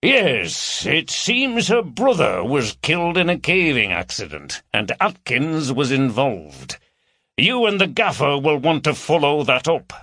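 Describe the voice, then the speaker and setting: A man plays a no-nonsense male detective giving updates in a brisk, matter-of-fact way. The voice sits a little raised and bright, with lively ups and downs. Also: a little high, no echo, studio quality, pitched above the performer's own voice, exaggerated voice.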